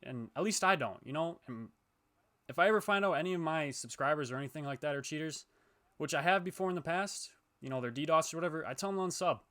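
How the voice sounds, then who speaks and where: A young man, a gaming YouTuber, ranting heatedly and profanely to his viewers, swinging between loud outbursts and low muttering. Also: lively intonation, quick pace. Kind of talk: ranting to camera.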